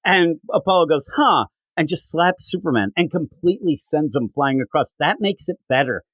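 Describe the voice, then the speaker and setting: A man co-hosting a podcast, excitedly recapping a comic book scene in casual chat. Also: a little high, moderate pace, dry recording, low-quality recording. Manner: excited, animated recapping with quoted lines. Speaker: podcast co-host.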